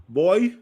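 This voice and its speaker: Man, furious rant, swearing, repetitive, fan panel podcast. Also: mellow.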